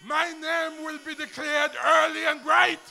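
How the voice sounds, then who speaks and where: A man with an Antiguan accent giving a loud, emphatic political rally speech to a crowd. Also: very high-pitched, flat delivery, measured pace, creaky. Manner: shouting, emphatic, rousing crowd.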